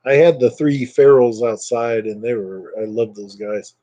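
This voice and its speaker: A man's voice: mid-range voice, a little slow, mellow, poor audio. A man chatting casually on a live stream, rambling with lots of fillers and thanking viewers by name.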